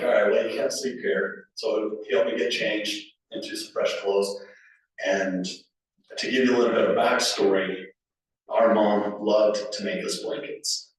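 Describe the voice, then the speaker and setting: Man, funeral eulogy, low voice, echoey chapel heard from a distance, casual storytelling. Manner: anecdotal, chuckles between stories; casual with fillers and restarts. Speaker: family member giving a eulogy. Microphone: distant from the recording microphone. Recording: echoey room recorded from far off.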